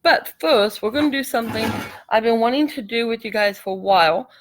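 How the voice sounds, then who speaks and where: A woman's voice: fairly high pitch, a little fast. A middle-aged woman chats her way through a casual craft tutorial livestream. She is a little out of breath from allergies and keeps apologizing for it. Her talk is loose and friendly, with easy laughs between steps. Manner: chatty, apologetic, laughs easily.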